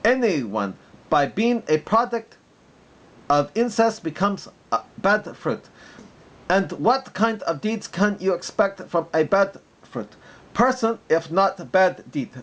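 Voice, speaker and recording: A man's voice: sits high, very animated, voice pushed up, exaggerated voice. A man putting on a preachy debater in a mock Arabic accent. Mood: lecturing. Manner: lecturing, slow and emphatic. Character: preachy adult male online debater, lecturing. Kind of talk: mocking impression in a video reply.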